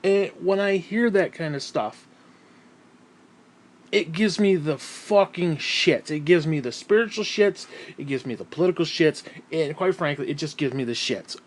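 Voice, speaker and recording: Guy ranting to camera, swearing nonstop, irritable, sighs a lot, kinda high voice. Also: expressive, moderate pace. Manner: profane, irritable, heavy sighs. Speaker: vlogger. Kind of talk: angry ranting monologue.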